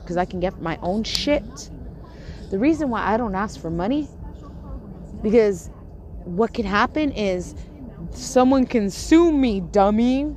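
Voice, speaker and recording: A woman's voice: on the high side, darkish tone, slight background noise. A woman hosting a livestream, ranting in a profane, confrontational and scolding way. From Puerto Rico. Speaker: livestream host. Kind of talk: angry livestream rant.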